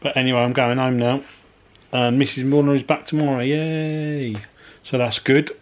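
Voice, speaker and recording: Relaxed, rambling man vlogger. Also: mid-range voice, a little fast, dull audio. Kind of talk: casual vlog update to camera. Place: office.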